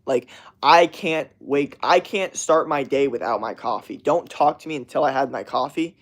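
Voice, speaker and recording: A man's voice: medium pitch, moderate pace. A young man in college ranting casually to camera, profane and rambling, mocking people in whiny put-on voices. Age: young adult. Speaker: vlogger.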